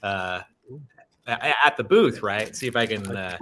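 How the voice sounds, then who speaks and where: Male podcast guest, bright forceful voice, halting casual delivery. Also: lowish voice, expressive, a little hiss or hum. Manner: halting, many fillers.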